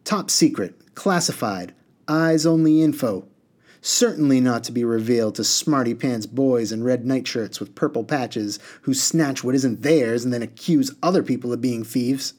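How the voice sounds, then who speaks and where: A man's voice: medium pitch, moderate pace, darkish tone, lightly acted. A man voicing a small, cross, blue-bearded male water genie who rattles off strings of stock phrases. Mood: sulky.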